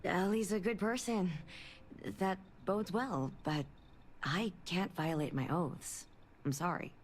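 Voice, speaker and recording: A woman voicing a guarded doctor in a video game, polite, measured and reserved. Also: on the low side, slight background noise. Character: guarded female doctor bound by confidentiality.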